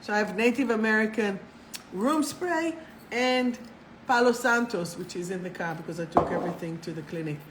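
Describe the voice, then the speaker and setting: A woman hosting a live spiritual talk, chatty and animated, swearing casually and laughing at herself. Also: mid-range voice, normal speed, a little hiss or hum, low-quality recording. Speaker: spiritual coach and live show host.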